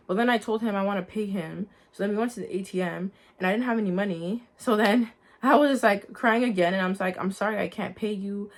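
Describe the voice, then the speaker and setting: A young adult woman sharing a personal faith testimony in a casual, earnest storytelling way, talking straight to her viewers. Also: mid-range voice. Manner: earnest, lively storytelling, addresses viewers as guys.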